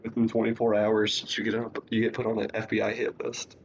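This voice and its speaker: A man's voice: lowish voice, monotone, brisk, muffled recording, a little hiss or hum. Goofy man tabletop player. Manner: goofy, stammering restarts. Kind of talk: casual tabletop game chat.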